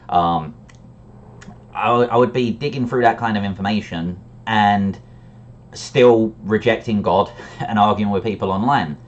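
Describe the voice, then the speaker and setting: A man with a fairly low voice tells his own story in a relaxed monologue. He sounds reflective and candid, and he often repeats words as he restarts a thought. The recording sounds dull and lo-fi. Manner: reflective and candid, with frequent restarts and brief laughs. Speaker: storyteller sharing a personal conversion story.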